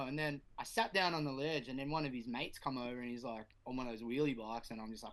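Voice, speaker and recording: A man's voice: medium pitch, fairly quick, a bit bright. A man, a guest BMX rider, chatting casually and telling a sweary story, acting out quotes. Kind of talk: casual podcast chat.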